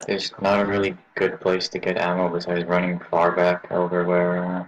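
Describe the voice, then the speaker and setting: A young man with a headache joins a casual team strategy chat and bluntly points out the problems with each plan. His voice is deep and monotone. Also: normal speed, highs cut off. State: headache, whiny. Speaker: team player.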